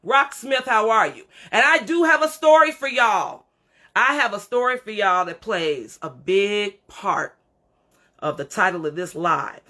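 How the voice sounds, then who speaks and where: A woman's voice: medium pitch, expressive, unhurried, bright, forceful tone. Blunt, profane woman ranting to her viewers. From Creole background. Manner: blunt, profane, preachy, talks straight to viewers. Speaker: livestream host. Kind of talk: unscripted livestream rant.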